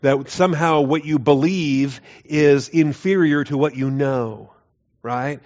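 A man teaching through Bible verses in an earnest, emphatic way, often dropping his voice low to stress a point. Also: slow pace, darkish tone. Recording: dull lo-fi recording.

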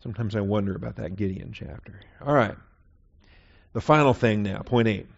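A man's voice: fairly low pitch, normal speed, creaky, husky, dull audio. A man teaching a Bible class in a conversational sermon style, often checking in with "okay?". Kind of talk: sermon lecture.

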